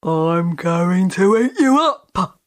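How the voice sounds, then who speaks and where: A woman voicing a greedy male troll who roars slow, chanted threats. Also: fairly low pitch, animated. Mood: roaring. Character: greedy roaring male troll under bridge.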